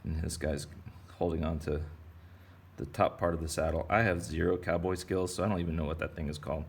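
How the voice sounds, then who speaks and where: Low gravelly guy from texas, rambly and goofy, teaching kids to draw fish. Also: steady tone, brisk. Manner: rambling, playful. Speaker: art teacher. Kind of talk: casual kids' drawing lesson.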